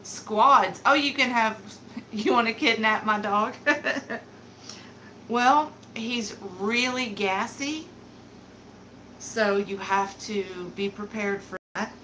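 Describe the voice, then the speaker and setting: A woman's voice: on the high side, slow pace, pushed and bright, a little hiss or hum, poor audio. A woman hosting a casual home livestream, chatting and giggling as she reads viewer comments and talks to her dog. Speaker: livestream beauty host.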